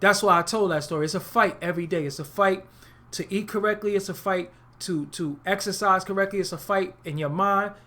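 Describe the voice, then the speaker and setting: A man from Brooklyn, New York, hosts an unscripted webcast monologue in a high-pitched, bright voice with a forceful edge. He talks briskly and emphatically, in a profane, streetwise style.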